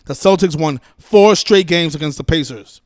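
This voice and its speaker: A man's voice: a little high, moderate pace, no echo, studio quality. A man hosting a livestream, scolding his viewers in an exasperated, profane rant with many restarts and repeated words. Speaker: livestream host. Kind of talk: ranting livestream monologue.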